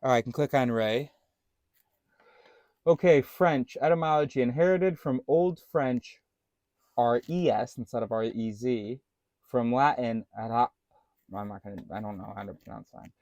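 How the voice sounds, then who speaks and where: A man's voice: mid-range voice, measured pace, pauses often, darkish tone, dry recording. A man vlogging in a casual, meandering monologue, thinking aloud with many fillers and restarts and swearing now and then.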